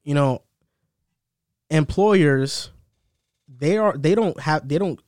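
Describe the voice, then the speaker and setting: A young man co-hosting a podcast, telling casual stories about past jobs with a relaxed, chatty manner. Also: on the high side, slow, no echo, clean studio sound. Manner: relaxed storytelling with frequent "bro" and "like". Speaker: podcast co-host. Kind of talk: casual chat.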